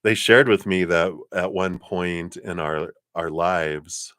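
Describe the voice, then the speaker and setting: A man's voice: deep voice, slow, fairly bright tone, no echo, studio quality. A man giving casual live tarot readings in a laid-back, chatty way, laughing often and letting sentences trail off. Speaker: tarot reader.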